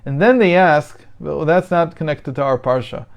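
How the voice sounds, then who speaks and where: A middle-aged man teaches a daily Torah study lesson, thoughtful and hesitant, using many fillers and reading sources slowly. His voice is a little high, with vocal fry.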